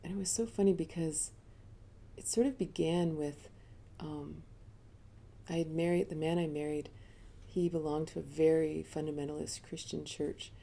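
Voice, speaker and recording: A woman's voice: sits low, fairly even intonation, normal speed, creaky, warm tone. A middle-aged woman giving a live talk as a spiritual teacher, telling personal stories candidly and chattily, often laughing.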